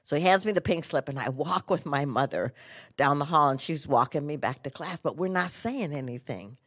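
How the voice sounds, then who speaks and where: A middle-aged woman with a low, grounded voice tells an audience a story from her youth. She moves between bright, energetic passages and hushed, slow moments that land her point. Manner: animated storyteller, drops to quiet low tones for emphasis. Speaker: inspirational speaker. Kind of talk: personal storytelling talk to an audience.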